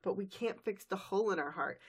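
A woman voicing a timid, gentle young female cartoon pony, speaking softly. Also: mid-range voice, brisk, breathy edge, lightly acted.

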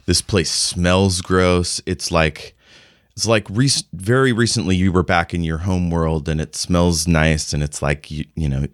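A man with a very low voice narrates as game master in a tabletop game, talking casually with plenty of restarts. The recording is dry and close. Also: a little slow, no room sound. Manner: rambling, casual, many fillers and restarts.

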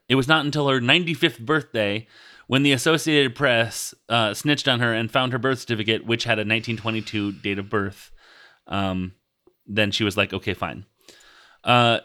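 Bright-voiced joking podcast host. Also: male voice, mid-range voice. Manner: joking, chatty, playful asides. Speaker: podcast host reading a biography. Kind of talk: casual podcast chat, reading notes aloud.

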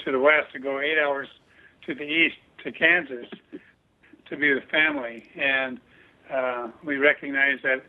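Male guest, hesitant talker, mid pitch, tinny phone audio. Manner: halting, many fillers and restarts. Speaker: guest, chiropractor. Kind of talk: casual interview chat.

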